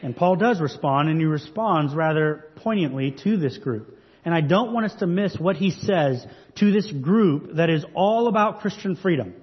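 A man preaches an earnest, measured sermon, his slightly high, husky voice carrying through a church sanctuary. The recording is dull and washed in long hall reverb. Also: expressive. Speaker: pastor.

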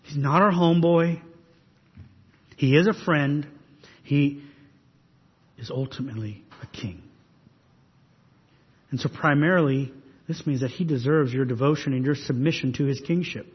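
A man's voice: on the high side, fairly even intonation, moderate pace. A pastor delivering a sermon, preaching earnestly and pressing his listeners with rhetorical questions. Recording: husky voice in long reverb hall, dull sound.

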